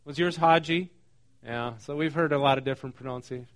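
A man with a somewhat high voice preaches in a chatty, teaching way. He keeps it conversational, pausing on fillers and checking in with his listeners. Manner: conversational, asks the room questions, frequent ums. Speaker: pastor. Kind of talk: sermon.

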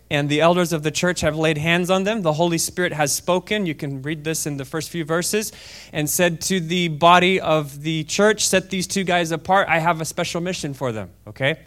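A man preaching a sermon in a church service, reading scripture aloud and talking casually between verses, often checking in with "okay?" and swinging from quiet asides to loud, fervent reading. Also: a little high, smooth. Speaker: guest preacher.

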